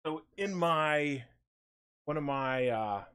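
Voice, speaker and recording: Man, young, unhurried livestream chat, rambling, greets viewers while painting. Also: a little high, lively intonation, fairly bright tone, smooth. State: out of breath. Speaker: livestream host painting figures.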